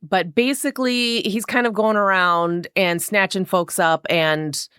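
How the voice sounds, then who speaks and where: A woman's voice: mid-range voice, steady tone, measured pace, a bit bright, clean tone, no room sound, clean studio sound. A woman casually recapping a horror novel, chatty and profane, acting out quoted lines with wry asides. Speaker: book vlogger.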